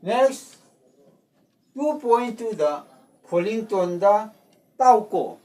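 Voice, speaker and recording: A man teaching a language lesson, slowly repeating words and explaining their tones. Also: high voice, lively intonation, mellow, recorded from a distance, low-quality recording. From Manipur, India.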